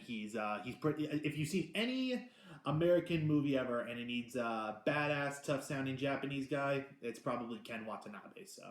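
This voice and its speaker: A man hosting a casual movie review, talking in an excitable, rambling way with many restarts and the odd swear word. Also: mid-range voice. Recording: roomy echo.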